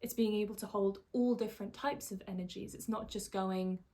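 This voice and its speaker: A woman, a life coach speaking in a calm, thoughtful monologue that slows and softens for emphasis. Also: mid-range voice.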